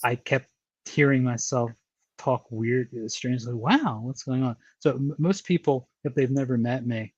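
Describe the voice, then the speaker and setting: A man's voice: medium pitch, steady tone, normal speed, darkish tone, slightly rough, no echo, highs cut off. An American man from Baltimore hosting a podcast interview, chatting casually and rambling, with lots of repeated words and restarts. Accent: American, with a touch of New York. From Baltimore, USA. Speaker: podcast host.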